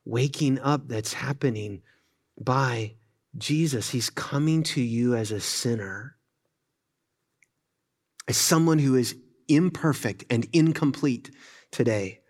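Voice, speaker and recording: A middle-aged male pastor preaching a sermon in an earnest, conversational way, often repeating words and adding quick asides. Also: mid-range voice.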